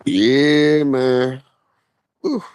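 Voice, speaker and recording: A young man telling stories in a relaxed, slang-heavy monologue, speaking outdoors at a graveside. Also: medium pitch, extremely slow, clean tone, no room sound. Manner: relaxed, slangy street talk with many fillers. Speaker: vlogger. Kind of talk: casual storytelling monologue.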